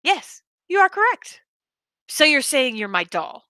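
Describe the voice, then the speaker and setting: A woman's voice: high voice, very animated, a little slow, sharp tone, dry recording, voice pushed up, heavily acted. Red: a woman playing a brash young hero leader. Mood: indignant. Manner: boastful, indignant.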